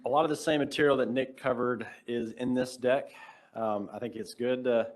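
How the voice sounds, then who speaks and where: A man giving a measured, explanatory technical presentation on a video call, in casual phrasing. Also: mid-range voice, fairly even intonation. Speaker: workshop presenter.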